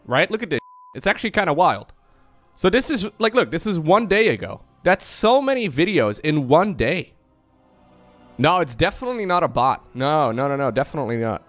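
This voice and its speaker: A man's voice: fairly high pitch, fairly bright tone. A man streaming, chatting and reacting to videos, talking things through and repeating himself as he wonders aloud.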